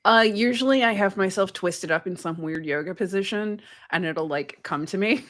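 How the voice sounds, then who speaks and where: A woman's voice: mid-range voice, normal speed, fairly bright tone. A woman co-hosting a podcast in casual chat, laughing often and swearing casually. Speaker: podcast co-host.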